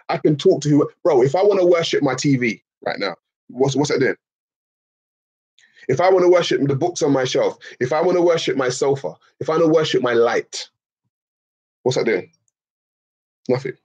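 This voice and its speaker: A man streaming to his chat in a casual, profane rant, animated and repeating his points. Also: on the high side, brisk, long pauses, slightly rough.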